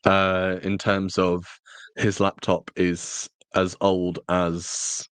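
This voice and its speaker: A man co-hosting a casual review podcast, chatty and jokey, with a fairly low voice. He talks slowly, and the sound is dry and close to the mic. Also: monotone, fairly bright tone, clear, resonant tone, no echo. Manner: chatty, jokey, with frequent restarts. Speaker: podcast co-host. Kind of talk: casual chat.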